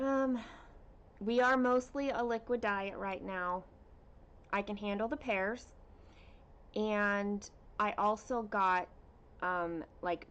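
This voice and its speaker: A woman with a mid-range voice hosts a casual cross-stitch livestream from home. She chats with viewers and reads out their comments unhurriedly, using plenty of fillers.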